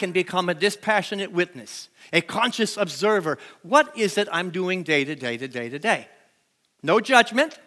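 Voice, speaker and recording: A man preaching a sermon to a live congregation, animated, asking the room to repeat lines after him, recorded on a stage microphone in a church sanctuary. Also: sits high. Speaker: pastor.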